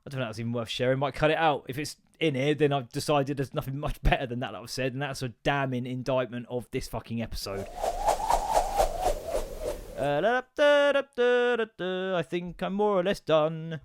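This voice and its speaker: A man's voice: mid-range voice, fast talker, hardly any pauses. A man in his thirties hosting a solo comedy podcast, ranting and swearing with self-mocking asides.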